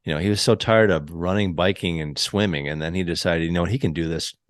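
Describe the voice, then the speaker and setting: Very deep-voiced podcast host, dry sound. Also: male voice, fast, no echo. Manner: warm-hearted, rambling, searching for words. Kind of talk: casual interview chat.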